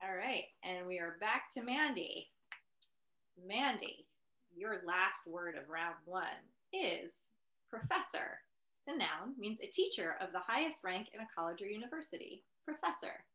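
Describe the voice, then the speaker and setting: A woman judging a comedy spelling bee, giggling and telling stories in a casual, animated way. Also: mid-range voice, a little slow, reverberant.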